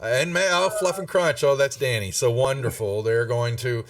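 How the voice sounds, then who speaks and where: A man's voice: mid-range voice, normal speed, background noise. Rambling male game master, distant mic. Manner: rambling, many restarts and fillers, chuckling. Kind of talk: running a live tabletop game.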